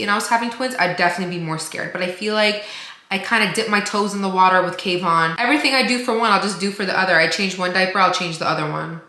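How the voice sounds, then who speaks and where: A woman's voice: mid-range voice, pushed and bright, echoey room. A woman chatting casually while doing her makeup in a get-ready-with-me vlog, rambling with lots of fillers. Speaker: beauty vlogger.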